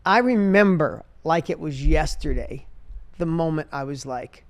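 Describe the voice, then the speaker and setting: Brief: male host in his 40s from upstate New York, high voice, earnest fast talker. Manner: earnest, fast personal storytelling. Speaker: podcast host. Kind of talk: conversational interview.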